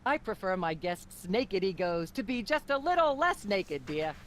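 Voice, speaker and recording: A woman's voice: mid-range voice, very animated, normal speed, slight background noise, close to an everyday voice. An actress voicing a smarmy female talk-show host in a cartoon adventure game, affected and condescending. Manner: affected, condescending, calls guests dear.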